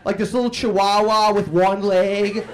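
A young man doing a stand-up comedy set on a club stage, brash and quick with punchlines and crowd banter. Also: sits high, fairly even intonation.

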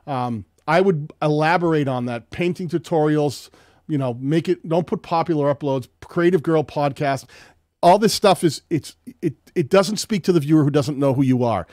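Blunt, hoarse man hosting a live stream. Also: on the high side, moderate pace, a little mellow, no room sound, studio quality. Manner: direct, blunt coaching with many "um"s. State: losing his voice from illness. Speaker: live stream host reviewing viewers' channels. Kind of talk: casual live-stream advice. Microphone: streaming setup mic.

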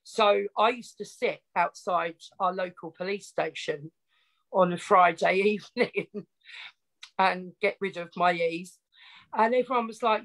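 A woman's voice: mid-range voice, unhurried, rough recording. A woman with an Essex accent, telling her life story as a podcast guest in a chatty, frank, self-mocking way. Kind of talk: casual storytelling interview.

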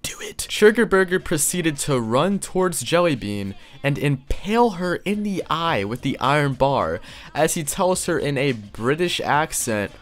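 A man's voice: fairly high pitch, big pitch swings, unhurried, faint music behind. A young man hosting his channel, reading fan fiction aloud and breaking in with crude, sarcastic jokes. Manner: crude, sarcastic, joking asides. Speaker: YouTube host.

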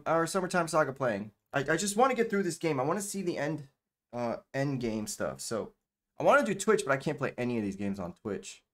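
A man hosting casual gameplay commentary, loose and chatty, slangy, and he swears freely. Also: medium pitch. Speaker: gaming channel host.

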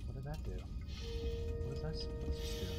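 A man casually commenting while he streams a video game, excitable, swearing and talking to the game. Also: mid-range voice, fairly quick. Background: loud game music.

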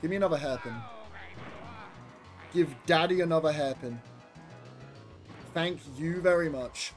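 A man's voice: a little high, a little slow, pauses often, faint music behind. A young man commentating his own speedrun live, nervous and swearing as he talks to himself.

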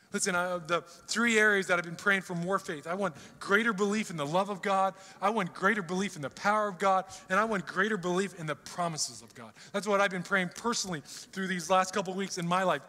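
Pastor, male, bright high voice, emphatic sermon with rhetorical questions, long hall reverb. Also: fairly quick. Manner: emphatic, rhetorical questions, acts out prayers and quotes. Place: church sanctuary.

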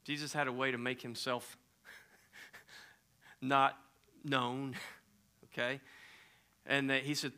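A man's voice: mid-range voice, a little slow, pauses often. A middle-aged man preaching a sermon as a pastor, retelling a story animatedly and dropping to near-whispers for effect. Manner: animated, swinging from loud emphasis to near-whispers.

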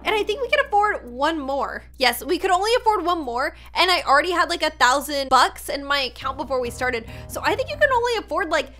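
A woman giving excited, dramatic gameplay commentary as a YouTuber, often mocking herself. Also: high voice. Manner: animated, dramatic, self-mocking. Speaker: gaming YouTuber.

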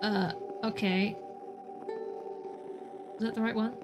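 A woman streamer giving live gameplay commentary, chatty and self-narrating, breaking into excitable yelps. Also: medium pitch, takes it slowly, music in the background, low-quality recording. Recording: background noise under voice.

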